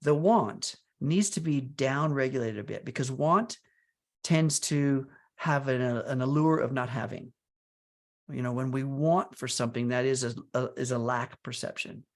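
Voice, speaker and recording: A man co-hosting a wellness talk, explaining ideas in a halting way and often restarting his words. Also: medium pitch. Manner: halting, repeats words as he thinks.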